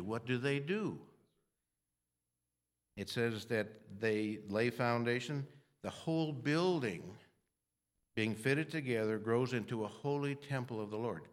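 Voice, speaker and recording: An older man preaching a sermon in a rambling, self-deprecating way, with restarts and throat clearing. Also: mid-range voice, fairly bright tone.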